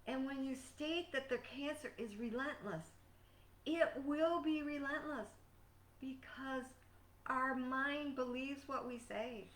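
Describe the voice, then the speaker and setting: A woman life coach giving a scripted motivational talk in an earnest, measured, emphatic way. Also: high-pitched, fairly bright tone. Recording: echoey room, distant mic.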